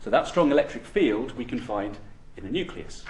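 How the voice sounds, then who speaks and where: A man's voice: medium pitch, expressive, normal speed. A man lecturing on physics to university students, explaining step by step and often checking in with "okay?".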